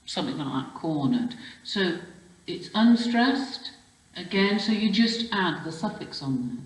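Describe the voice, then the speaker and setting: A woman's voice: fairly low pitch, animated, a little slow, roomy sound, rough recording. A woman teaching a children's spelling lesson, explaining patiently step by step and checking with questions. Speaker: primary school teacher.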